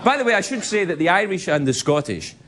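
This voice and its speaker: Animated male stand-up comic, high voice. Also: fast talker. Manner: animated, punchy joke delivery with repeated punchlines. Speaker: stand-up comedian. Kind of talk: live stand-up comedy. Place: comedy venue with a laughing audience. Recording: live show with loud crowd and noise.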